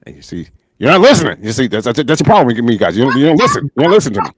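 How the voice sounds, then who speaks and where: A man doing an impression of an upbeat, evasive football coach who greets everyone warmly and dodges questions with stock phrases. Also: mid-range voice, big pitch swings, rapid-fire, background noise, natural voice.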